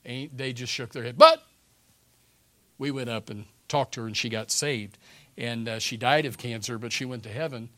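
Preacher, man, folksy and bright-toned, dry close sound, hushed lines that flare into shouts. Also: medium pitch, moderate pace, dry recording. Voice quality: restarts and repeats words often. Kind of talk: sermon.

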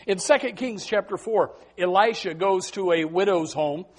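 A man preaching a sermon as a pastor, telling Bible stories in an animated way and often repeating his words. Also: sits high, normal speed.

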